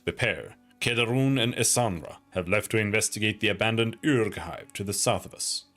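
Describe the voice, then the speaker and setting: A man's voice: lowish voice, normal speed, fairly bright tone, lightly acted. A man reading out the lines of a weary colony leader who asks a traveler for help, with faint music behind. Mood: earnest.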